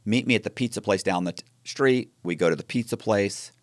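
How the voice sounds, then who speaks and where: A man telling his story in an interview, animated and acting out the dialogue with frequent restarts. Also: on the low side, fairly quick, dry recording, clean studio sound. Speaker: interview guest.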